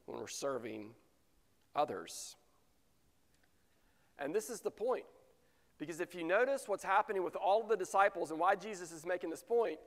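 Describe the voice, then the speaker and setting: A man preaching a sermon as pastor, swinging from loud rhetorical questions to near-whispered lines. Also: sits high, creaky. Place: church sanctuary. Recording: long reverb of a church sanctuary.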